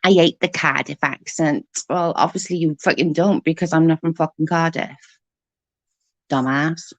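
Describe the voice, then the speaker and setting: A woman's voice: low voice, steady tone, normal speed, no echo. Sweary Welsh woman in her forties. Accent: Welsh, Newport. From Wales. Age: 40s. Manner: blunt, sweary, sarcastic. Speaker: vlogger. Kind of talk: casual ranting chat.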